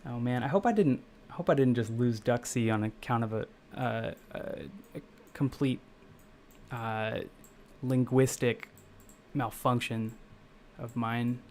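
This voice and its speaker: A young game developer from the American Midwest codes during a live stream, chatting casually with viewers and correcting himself while rambling. His medium-pitched voice is a little mellow and measured, with slight hiss or hum in the background.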